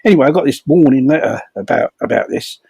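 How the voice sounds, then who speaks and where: Older man, storyteller at a comedy fundraiser; raised pitch, stumbling repeats, amused chuckles, dry close mic. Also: animated, gravelly, darkish tone, husky, no room sound, muffled recording. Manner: halting, repeats words, chuckles while telling. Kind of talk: comic anecdote telling.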